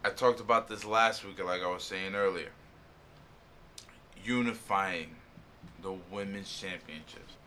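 A man's voice: sits low, unhurried, pauses often, bright, forceful tone, a little hiss or hum. A man hosting a casual wrestling podcast, opinionated and emphatic, swearing often. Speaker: podcast host.

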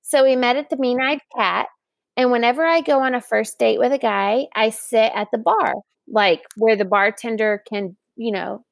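A woman in her thirties casually telling a dating story, animated and acting out the other voices. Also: on the high side, normal speed, creaky, no room sound.

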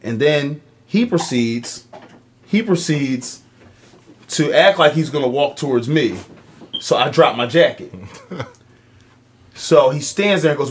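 A man's voice: on the high side, expressive, takes it slowly, long pauses, slight background noise. A young man, telling a long story on a casual podcast, with many ums and acted-out voices for the people in it. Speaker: podcast co-host.

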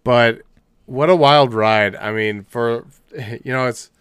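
A man co-hosting a podcast in casual chat, animated and full of "like", acting out quotes in funny voices. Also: medium pitch, slow, clear, resonant tone, dry recording, studio quality. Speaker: podcast co-host.

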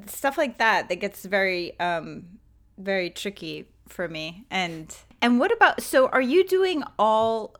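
A woman's voice: medium pitch, very animated, measured pace. A woman interviewing a guest in a casual chat, thoughtful and searching for words as she asks her questions.

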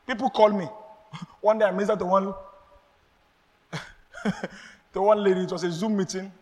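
A man preaching a sermon as pastor, animated, acting out exchanges and laughing as he speaks. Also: sits high, normal speed, big-room sound.

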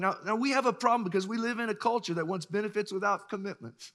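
A middle-aged man preaching a sermon, telling stories with lively acted-out voices and frequent chuckles. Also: sits high, fast talker, few pauses. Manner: animated storyteller, acts out voices, chuckles often. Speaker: pastor.

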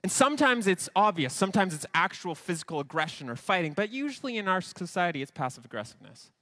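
High-voiced man preaching a sermon. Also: sing-song, fast talker, sharp tone. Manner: earnest preaching with quoted asides and restarts. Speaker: pastor.

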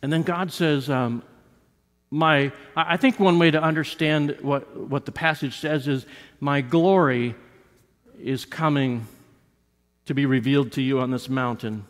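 A man's voice: mid-range voice, fairly even intonation, a little slow. A man preaching a sermon as pastor, talking in a conversational way with frequent restarts and acting out quoted lines. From United States. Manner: acts out quoted lines with rises and drops in voice. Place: church sanctuary. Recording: long reverb of a church sanctuary.

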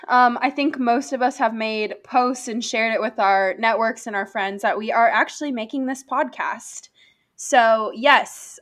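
Playful young woman with quick restarts. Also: on the high side, a bit bright. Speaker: podcast co-host. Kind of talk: casual sports podcast chat.

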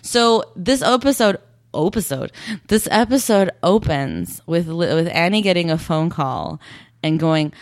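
A woman's voice: on the low side, lively intonation, no room sound, clean studio sound. Chatty young woman recapping a show. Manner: chatty, laughs often, acts out characters' lines in quick quoted bits. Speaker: podcast co-host recapping a TV show. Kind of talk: casual chat.

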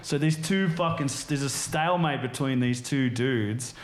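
Aussie guy rambling thru a story, swears nonstop, mid pitch, echoey room. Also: normal speed, a little hiss or hum. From Australia. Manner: rambling, heavily profane storytelling full of fillers. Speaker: podcast guest. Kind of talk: casual chat, storytelling. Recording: roomy echo.

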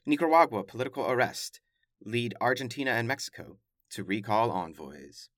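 A man's voice: mid-range voice, expressive, moderate pace, no room sound, clean studio sound. A man hosting a news podcast, reading headlines and commenting in a casual, emphatic way with wry asides. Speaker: podcast host.

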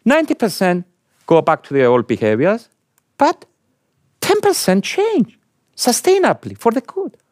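A man's voice: wildly swooping pitch, unhurried, pauses often, a little mellow, no echo, studio quality. A man lecturing an audience, asking them questions and stressing points emphatically. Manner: asks the audience questions, emphatic rising pitch.

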